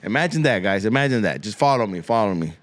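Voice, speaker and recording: A man's voice: fairly low pitch, expressive, quick pace, background noise. A man hosting a podcast, riffing through a rambling, profane comic monologue and dropping Spanish slang into his English. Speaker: podcast host. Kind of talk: comedic monologue.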